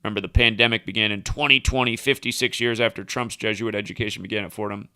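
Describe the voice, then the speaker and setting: A man talks alone on his livestream, stringing number after number together with loose asides. His voice is bright and crisp, recorded close and dry. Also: fairly low pitch, fairly even intonation, fast talker, no room sound. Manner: rambling, reels off number links and asides. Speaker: livestream host. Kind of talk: solo livestream monologue.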